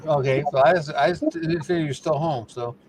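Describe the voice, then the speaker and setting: Chatty man with a slightly high voice. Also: fairly quick, darkish tone, a little hiss or hum. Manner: teasing, chatty. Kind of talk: casual chat with friends.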